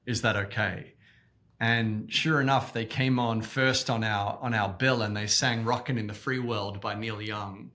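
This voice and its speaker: An Australian man in his forties with a low voice and a bright, forceful edge. He tells stories in an animated way, doubling back on words as he restarts. He speaks as an interview guest. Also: measured pace, few pauses. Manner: animated storyteller, repeats words when restarting. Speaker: guest, activist organization co-founder. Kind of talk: interview storytelling.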